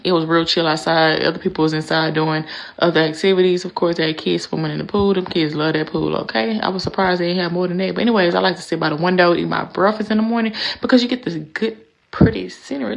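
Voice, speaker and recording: A middle-aged woman with a low voice that has a gravelly fry running through it. She narrates her own vlog in a loose, chatty way, drawing out words and circling back with "anyways" every few sentences. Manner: chatty, drawling, repeats "y'all" and "anyways". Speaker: vlogger. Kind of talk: casual vlog voice-over.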